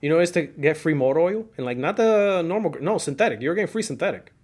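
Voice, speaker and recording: A middle-aged man with a Cuban accent hosts a relaxed podcast chat. He tells stories with plenty of energy, laughs often and acts out what people said back then. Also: fairly high pitch, quick pace. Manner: animated storyteller, laughs often, acts out quotes. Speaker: podcast host. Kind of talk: casual car-scene chat.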